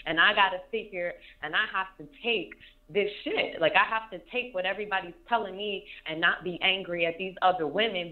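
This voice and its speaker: A woman's voice: lowish voice, phone-quality sound. A woman of about thirty, an interview guest, talking earnestly and repeating her points for emphasis. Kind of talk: candid emotional interview talk.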